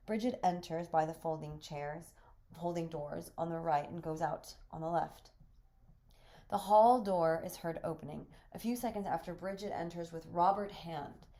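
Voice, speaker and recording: A woman reading a play script aloud, narrating the stage directions in a measured way. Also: low voice, warm tone. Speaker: reader and narrator.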